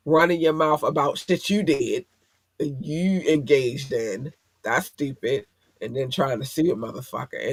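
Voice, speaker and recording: A man's voice: a little high, fairly bright tone, no room sound. A man hosting a podcast, giving blunt, profane advice in a casual monologue. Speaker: podcast host.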